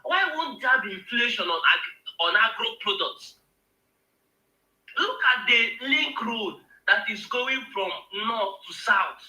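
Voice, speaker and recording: A man's voice: extremely high pitch, lively intonation, takes it slowly, pushed and bright, echoey room, low-quality recording. A man with a Nigerian accent, speaking on a live show in an emotional, emphatic rant that repeats words when heated. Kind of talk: impassioned political rant.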